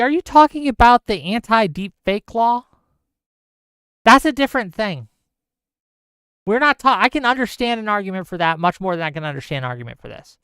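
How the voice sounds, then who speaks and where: A man's voice: high voice, a bit bright, clean tone, no echo, clean studio sound. A man hosting a solo livestream, ranting heatedly about news and reading viewer chat aloud. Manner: reads chat comments aloud. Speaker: host.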